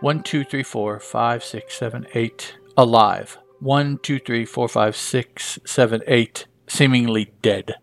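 A man's voice: medium pitch, steady tone, takes it slowly, creaky, hardly any pauses, faint music behind. A man casually reading a comic book aloud, adding chatty asides and fillers.

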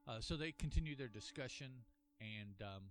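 A man's voice: medium pitch, expressive, normal speed, faint music behind. A man hosting a casual solo comic review, thinking aloud with many restarts and an earnest, apologetic manner. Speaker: podcast host reviewing a comic.

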